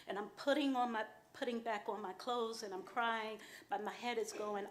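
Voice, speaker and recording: A woman's voice: fairly high pitch, steady tone, normal speed, few pauses. A woman author telling a frank, profane personal story on a small club stage. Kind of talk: live storytelling.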